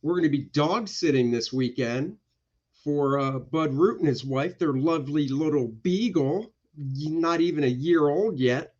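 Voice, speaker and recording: A man's voice: fairly high pitch, unhurried, darkish tone, lo-fi sound. A man hosting an art livestream, chatting casually, joking and rambling while he talks to his viewers. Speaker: comic artist hosting an art stream.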